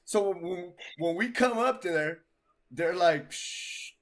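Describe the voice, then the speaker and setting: Joking man with a fairly high voice. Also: expressive, slow pace, a crowd in the background. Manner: loud, joking, swears often. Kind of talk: casual chat, storytelling.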